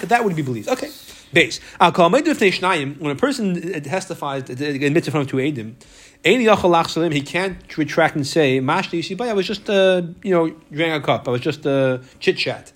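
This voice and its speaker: A man's voice: on the high side, animated, normal speed. Man teaching a Talmud class. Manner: explains step by step, repeats words, restarts often. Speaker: Torah teacher.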